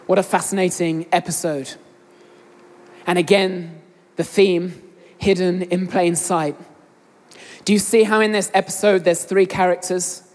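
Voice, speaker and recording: A woman's voice: on the low side, steady tone, measured pace, long pauses, darkish tone. A young woman with an English accent preaching a sermon, earnestly addressing the congregation directly. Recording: long hall reverb.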